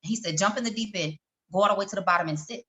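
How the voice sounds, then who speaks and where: A middle-aged woman with a bright, forward voice tells a personal story as a guest in a conversation. She is animated, slipping into the voices of the people she quotes. Her pitch sits in an ordinary middle range. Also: rapid-fire.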